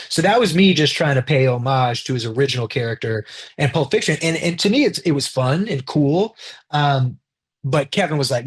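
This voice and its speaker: A man's voice: mid-range voice, animated, fairly quick, slightly rough. A man talking casually in an interview about directing his film, loose and chatty, swearing now and then and acting out what others said.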